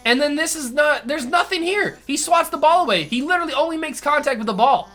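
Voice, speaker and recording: Furious and fast, this man delivers live commentary for his gaming channel with lively intonation. His rant swings from yelling to quiet grumbling.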